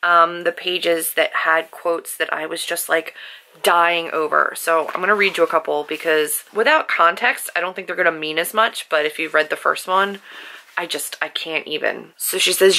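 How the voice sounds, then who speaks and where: A woman's voice: on the low side, moderate pace, sharp tone, low-quality recording. A young woman gushing about books in a casual, emotional late-night vlog. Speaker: book vlogger.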